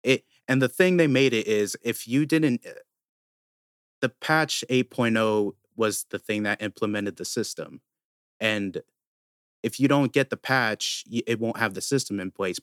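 A man's voice: lowish voice, a little slow, fairly bright tone, clean tone, no echo, studio quality. A man co-hosting a casual gaming podcast, explaining things at length with lots of fillers. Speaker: podcast co-host.

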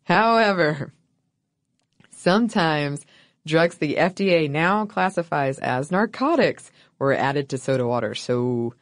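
A woman co-hosting a casual history podcast, deadpan and jokey as she reads her part. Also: sits low, slow pace, dry recording, studio quality. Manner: deadpan, jokey, laughs at own lines. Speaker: podcast co-host.

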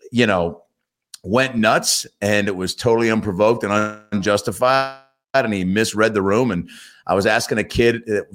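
Lower-pitched man telling stories animatedly. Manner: animated storyteller, acts out quotes. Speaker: comedian and actor, podcast guest. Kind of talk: casual interview storytelling.

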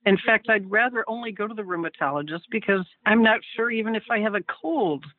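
A woman's voice: medium pitch, fast talker. A woman guest speaking candidly about her own experiences in a casual conversation. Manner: candid, sympathetic listener. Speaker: interview guest. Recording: tinny phone-line audio.

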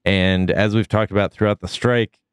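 A man co-hosting a podcast, talking through a cold in a deep gravelly voice, relaxed and full of ums. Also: moderate pace, no echo, clean studio sound. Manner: relaxed, with many ums and uhs. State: sick, foggy. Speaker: podcast co-host. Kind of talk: casual news chat.

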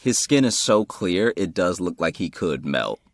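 Young male co-host, comedic chat, very animated pitch, dry close mic. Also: unhurried, no room sound.

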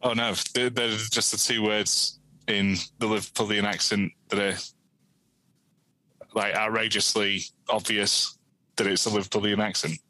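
A man talks haltingly and plays himself down in casual podcast chat. His tone is very bright and sharp, and the sound is dry, with no room around it. He speaks slowly and a little low. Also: little pitch movement, dry recording, rough recording.

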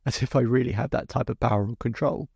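A man's voice: medium pitch, quick pace, creaky, a little mellow, husky, no echo, dull audio. A man hosting a podcast as a hypnotherapist, telling a client's story in vivid detail and acting out both sides of the conversation. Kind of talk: storytelling monologue.

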